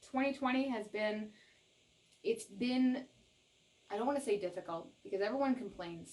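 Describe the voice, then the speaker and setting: A young adult woman from Canada giving a casual tarot reading straight to viewers, laughing often and repeating herself in her excitement. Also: medium pitch, normal speed. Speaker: tarot reader.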